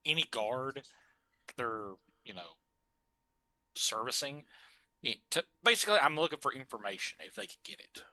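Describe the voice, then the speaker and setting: A man takes his turn in a tabletop game. His voice is very bright. He lays out his plans in a loose, rambling way. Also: mid-range voice, animated, unhurried, pauses often. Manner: rambling, scheming, many fillers. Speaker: player.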